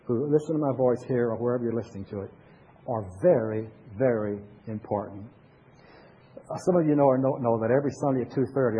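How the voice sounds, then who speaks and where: An older man, a pastor with grandchildren, giving a conversational sermon full of pauses and restarts. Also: mid-range voice, mellow, slightly rough, dull audio.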